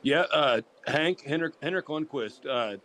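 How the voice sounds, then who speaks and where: A man's voice: fairly high pitch, lively intonation, measured pace, bright, forceful tone. A man co-hosting a casual sports talk show, rambling and restarting his sentences with lots of fillers. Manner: rambling, repeats himself with many fillers. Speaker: co-host.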